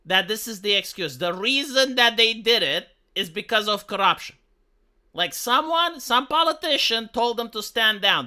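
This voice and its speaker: A man's voice: high-pitched, lively intonation, moderate pace, sharp tone. A man from Romania ranting on a live stream, heated and profane, often stumbling and restarting his sentences.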